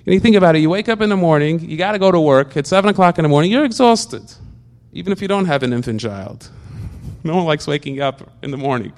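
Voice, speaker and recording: A man with a high voice gives a casual religious talk. He trips over the same word several times, then pushes on with lively rhetorical questions. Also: fast. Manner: repetitive stammering restarts, animated rhetorical questions. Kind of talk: informal Torah talk.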